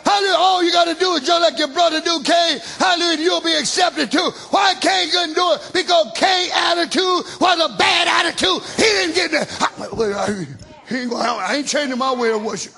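High, gravelly shouting male preacher. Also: brisk, soft background music. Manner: shouting, call-and-response hallelujahs; colloquial, folksy speech. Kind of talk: sermon.

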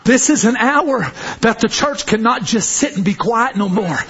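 A man preaching a sermon, fervent and often shouting, with repeated exhortations to the congregation. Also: extremely high pitch, expressive, moderate pace. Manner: fervent, shouting exhortation with call-and-response phrases. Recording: dull lo-fi recording.

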